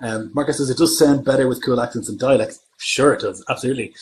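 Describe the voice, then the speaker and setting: A man's voice: mid-range voice, fast talker, hardly any pauses, a little mellow, slight background noise, rough recording. A man from Germany who runs tabletop games, chatting casually on a livestream and thinking aloud as he answers viewer comments. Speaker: game master.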